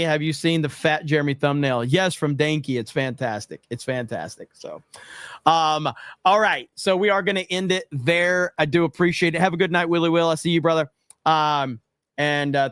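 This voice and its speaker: With a fairly high, smooth, slightly bright voice, an American man reads viewer messages during a casual livestream. His replies are joking, exasperated and profane, and the sound is dry and studio-clean.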